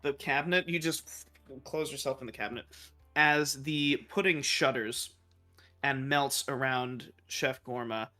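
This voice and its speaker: A man's voice: medium pitch, measured pace, bright, forceful tone, soft background music. A man running a tabletop game as dungeon master, narrating with frequent laughs and fillers. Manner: laughing often, with fillers and restarts.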